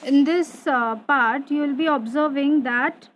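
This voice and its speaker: Woman, teacher, high-pitched, explanatory, many fillers, faint noise. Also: measured pace. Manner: explanatory, frequent fillers, repeats words, addresses students. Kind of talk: online revision lesson.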